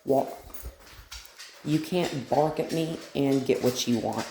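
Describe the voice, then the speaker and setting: Firm, gravelly woman dog trainer. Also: very deep voice, slow, long pauses, noisy background. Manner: calm and firm, short commands to a dog. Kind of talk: dog training lesson, talking to camera and dog.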